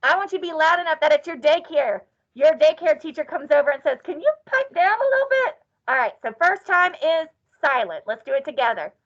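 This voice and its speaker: A high-voiced woman leads an online class, chanting and cheering in a playful, sing-song manner. The recording sounds dull and lo-fi. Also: animated, fairly quick, few pauses, a bit bright. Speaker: teacher. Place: classroom or office.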